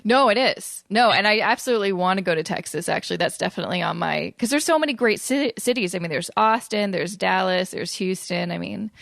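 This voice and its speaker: A woman's voice: mid-range voice, gravelly, a bit bright, dry recording, studio quality. A Canadian woman hosting a podcast interview, upbeat and chatty. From Vancouver, Canada. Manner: upbeat, chatty, quick to laugh. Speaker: podcast host. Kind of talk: casual interview chat.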